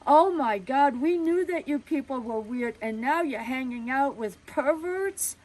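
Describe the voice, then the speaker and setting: A woman's voice: medium pitch, normal speed, natural voice, rough recording. A woman retelling a story, voicing a neighbor woman who accuses her family in a scandalized tone.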